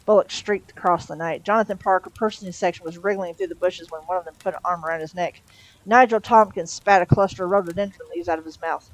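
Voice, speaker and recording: A woman narrating a novel aloud on a live stream, with steady storytelling delivery. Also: lowish voice, fast, poor audio.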